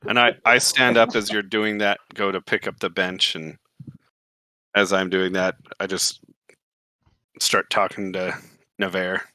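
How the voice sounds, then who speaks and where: Low bright-voiced joking player man. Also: little pitch movement, measured pace, pauses often, no room sound, low-quality recording. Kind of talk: casual tabletop play.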